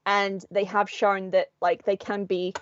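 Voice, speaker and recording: An Australian woman co-hosts a podcast, chatting casually and animatedly acting out voices in her stories. Her medium-pitched voice is unhurried, and the recording is muffled with a little hiss or hum.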